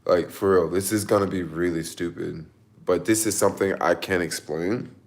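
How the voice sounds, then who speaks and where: Young man, very low voice, rambling casual vlog storytelling, near tears, self-conscious. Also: steady tone, moderate pace. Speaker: vlogger and delivery driver.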